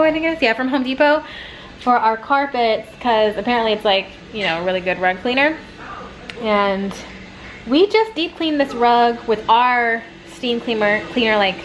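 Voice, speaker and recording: A woman chatting casually to her camera at home, quick and full of fillers. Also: fairly high pitch, slight background noise, rough recording. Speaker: vlogger, wife. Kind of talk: casual home vlog chat. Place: carpeted home room. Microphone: handheld compact camera.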